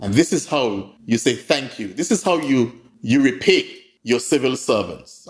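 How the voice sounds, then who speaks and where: A male news host, talking at a middling pitch for a man. He moves between reading a statement and pointed, sarcastic commentary. He stresses his words hard when he is indignant. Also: lively intonation, normal speed, hardly any pauses. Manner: sarcastic, indignant, emphatic asides. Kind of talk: reading a release, then opinion commentary.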